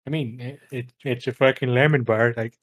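Husky young man with dry one-liners. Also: medium pitch, steady tone, normal speed, fairly bright tone. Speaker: podcast co-host. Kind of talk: casual chat.

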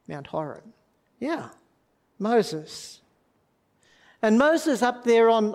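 A man preaching a sermon in a reflective way, pausing often and restarting his sentences. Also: high-pitched, darkish tone. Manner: halting, with many restarts and fillers; reflective, asks the audience questions.

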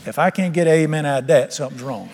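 This fervent, folksy sermon with touches of humor comes from a male pastor whose darkish, fairly high voice moves quickly. It was captured in a church sanctuary with long reverb and faint music.

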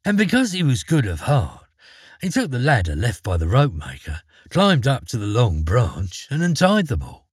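A husky-voiced man telling a fairy tale, his pitch rising and falling in lively, expressive storytelling. He reads at a measured pace, and the recording is close and dry with no room sound. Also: no room sound.

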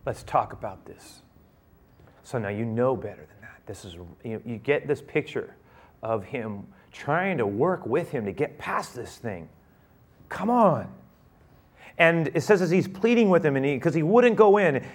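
A man preaching a sermon, retelling a story and acting out its dialogue with rising excitement. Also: mid-range voice, moderate pace.

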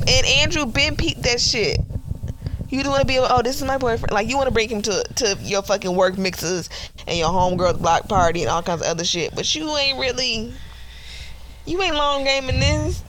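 A woman co-hosting a casual TV recap podcast, ranting heatedly with profanity in fast, emphatic bursts. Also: a little high, background noise. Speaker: podcast co-host.

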